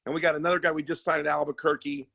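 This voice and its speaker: A man who works as a sports agent and comedian, telling stories in casual chat, animated and profane, with many restarts. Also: fairly high pitch, very fast, vocal fry, no room sound.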